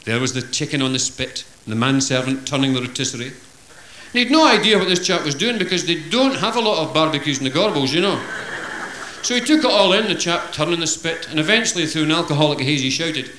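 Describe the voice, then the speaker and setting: A Scottish comedian spins his jokes in a bright voice that swoops up and down. He keeps dropping into squeaky voices for his characters. The sound is echoey with a faint hiss behind him. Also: sing-song, quick pace. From Scotland, East Coast. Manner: jokey, switching into high-pitched character voices. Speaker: stand-up comedian. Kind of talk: stand-up storytelling with character voices.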